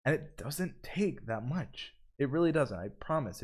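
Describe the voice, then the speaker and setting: Very animated yet measured in pace, this man's mid-range voice is a little mellow. As an upbeat livestream host running a tutorial, he breaks up his explanations by reading viewer comments aloud and shouting out the chat.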